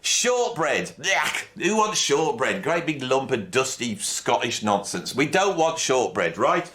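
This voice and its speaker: A man doing a comic monologue, swinging between low muttering and raised, mock-furious indignation. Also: very animated, unhurried, fairly bright tone, a little hiss or hum. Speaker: comedy video host. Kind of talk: mock-serious comedic monologue.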